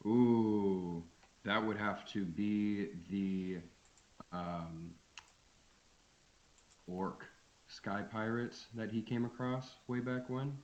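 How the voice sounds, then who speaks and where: A man's voice: on the low side, very slow, long pauses, darkish tone. A man playing a tabletop role-playing game, easygoing and thinking aloud. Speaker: player. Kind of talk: tabletop role-play over voice chat. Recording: lo-fi and echoey.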